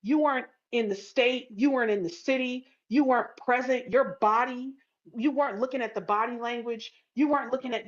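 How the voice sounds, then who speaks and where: A woman's voice: on the high side, brisk. A woman hosting a live audio chat room, defensive and profane, stumbling and repeating herself. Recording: dull lo-fi sound.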